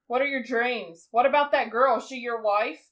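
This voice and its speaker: A woman's voice: on the high side, normal speed, a bit bright. A woman in her thirties co-hosting a podcast, chatting casually as she retells a movie and acts out its lines. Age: 30s. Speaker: podcast co-host. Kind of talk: casual film recap chat.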